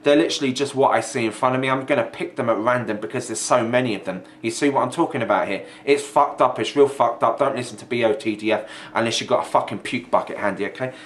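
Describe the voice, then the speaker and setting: A man's voice: mid-range voice, quick pace, hardly any pauses, a little hiss or hum. A young man ranting angrily in a vlog, sweary and mocking, sounding exasperated. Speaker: video ranter. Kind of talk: angry vlog rant.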